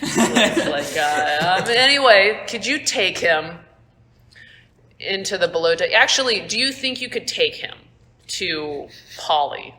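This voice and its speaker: Woman putting on a careless male schemer, breezy, dismissive, bright tone. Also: medium pitch, lively intonation, measured pace, big-room sound. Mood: flippant.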